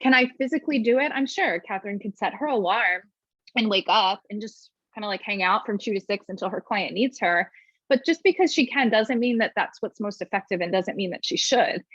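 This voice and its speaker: A woman's voice: medium pitch, fairly quick, a bit bright, slightly rough. A woman therapist speaks reflectively in a casual webinar discussion, in a plain conversational way. Her voice comes through dull, lo-fi call audio. The sound is dry with no room echo.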